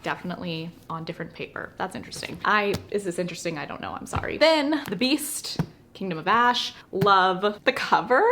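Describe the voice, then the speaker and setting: A young woman talks casually into a camera at home, bubbling over with excitement and chatter. Her voice sits at an ordinary middle pitch, with a faint hiss of room noise behind her. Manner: gushing, excitable, chatty with fillers. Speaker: book vlogger. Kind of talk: casual reading vlog chat.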